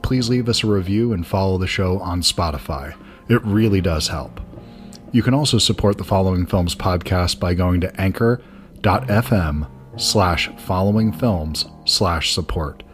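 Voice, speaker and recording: A deep-voiced man from Georgia with a Southern American accent hosts a film podcast, speaking at normal speed over soft background music. In this conversational film interview he chats eagerly, often rambling and restarting his sentences.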